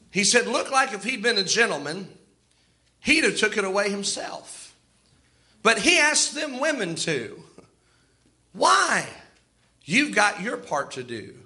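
A man's voice: sits high, very animated, measured pace, pauses often, sharp tone. A man preaching a sermon, telling the story with impassioned, dramatic rises and outbursts.

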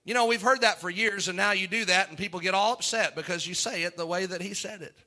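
A man's voice: sits high, quick pace, bright, forceful tone. A male preacher delivering a sermon, fervent and emphatic, repeating phrases to drive a point home.

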